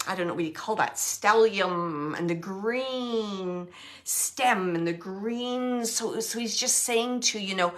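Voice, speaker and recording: A woman with a fairly high, bright and forceful voice, working as a medium through a spontaneous reading. She speaks softly and tenderly, often pausing and restarting as she hunts for the right words. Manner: halting, searching for words, soft and tender. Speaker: psychic medium.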